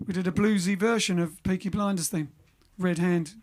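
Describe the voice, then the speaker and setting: A man's voice: sits high, steady tone, fast talker, darkish tone, long reverb tail, a little hiss or hum. A man hosting a band livestream, chatting casually between songs in a jokey, rambling way. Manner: jokey, rambling, plays with words. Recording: band music behind the voice.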